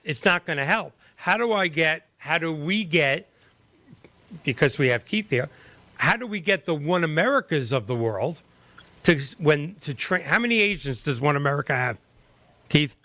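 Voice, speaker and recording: A man hosting a panel discussion, asking energetic, rapid-fire questions. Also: a little high, no room sound. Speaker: show host.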